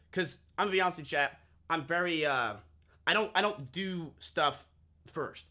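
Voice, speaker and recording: A man's voice: fairly high pitch, animated, normal speed, pushed and bright. A man streaming live, telling a long personal story to his chat in a crude, candid, casual way, often repeating himself.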